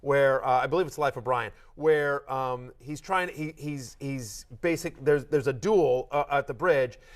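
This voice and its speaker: A man's voice: medium pitch, measured pace. A middle-aged man hosting a fantasy football show, talking in a chatty, joking way with lots of restarts and asides. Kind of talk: casual sports chat.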